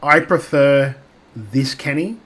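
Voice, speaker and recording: An Australian man in casual podcast chat, rambling through his thoughts with plenty of fillers and false starts. His voice sits at an ordinary middle pitch. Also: slow pace, fairly bright tone, breathy edge. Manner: rambling, filler-heavy, lots of restarts. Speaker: podcast co-host.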